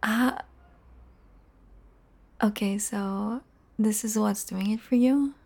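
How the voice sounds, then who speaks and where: A woman's voice: medium pitch, steady tone, takes it slowly, gravelly, darkish tone. A young woman in a casual audio role-play, talking straight to the listener, teasing and swearing freely and often dropping into a whisper.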